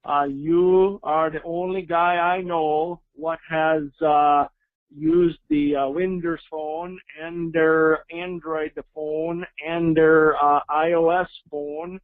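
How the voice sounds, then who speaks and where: Man doing a goofy caller with a wandering mock Nordic accent, halting; tinny phone-line sound. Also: a little high, little pitch movement, no room sound. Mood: earnest. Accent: mock Scandinavian-Minnesota. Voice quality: halting, full of "uh"s. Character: bumbling male caller with a wandering fake accent.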